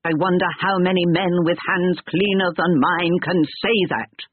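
A man voicing a proud, sentimental elderly gentleman in a storybook reading, pompous and grandly formal, on a tinny narrow-band recording. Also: sits high, fairly even intonation, moderate pace, pitched above the performer's own voice.

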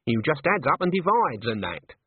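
A man's voice: a little high, sing-song, normal speed, husky, voice pushed up. A male reader voicing a stern, shrewd old witch woman who speaks in a blunt, dry, rustic way. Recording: dry tinny narrow-band audio.

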